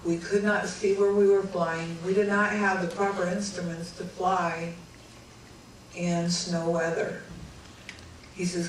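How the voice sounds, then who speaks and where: A woman's voice: lowish voice, slow, long pauses, a little hiss or hum. Woman telling a story in an echoey hall. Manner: animated, acts out dialogue with lively voices. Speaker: speaker recounting a near-death experience. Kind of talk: dramatic storytelling talk. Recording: echoey hall recorded from far off, faint ambience.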